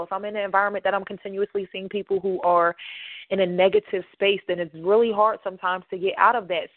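A woman's voice: medium pitch, no room sound. A woman talking earnestly and reflectively in a podcast conversation, thinking aloud as she goes. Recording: tinny phone-like line, dry.

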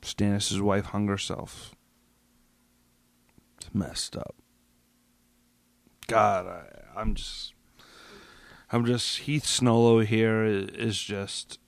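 A man's voice: lowish voice, flat delivery, drawn-out words, pauses often, no room sound. A man hosting a podcast, reacting alone to a TV finale in an agitated, profane, rambling way with many restarts, a little tipsy. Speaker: podcast host. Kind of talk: solo episode reaction rant.

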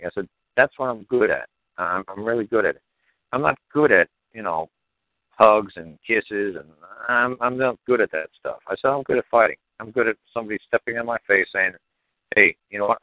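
A low-voiced man rattles along quickly, blunt and profane, leaning on "you know". His voice is dry and tinny, like a phone line. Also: dry recording. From New York. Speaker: podcast guest. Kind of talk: casual storytelling.

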